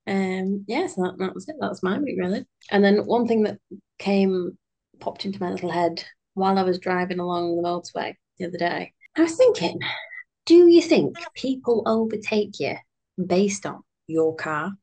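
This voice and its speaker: With a warm, mid-range voice at a normal speed, this young British woman is a podcast co-host. Her talk is casual chat that wanders and is full of filler words.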